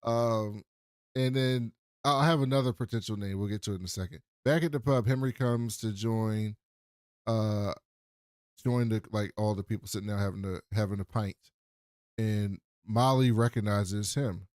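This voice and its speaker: A man's voice: lowish voice, normal speed, darkish tone, no room sound, studio quality. A man co-hosting a podcast, retelling TV scenes in a casual, profane way and laughing as he goes. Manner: profane, laughing storyteller who acts out the quotes. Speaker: podcast co-host. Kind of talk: casual TV recap chat.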